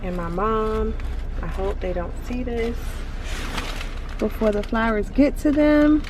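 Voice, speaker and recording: A woman chatting casually to her viewers in a daily vlog, slipping into high baby talk when she speaks to her dog. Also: slow, a little hiss or hum, poor audio. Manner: relaxed, chatty, talks to viewers as y'all. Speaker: vlogger.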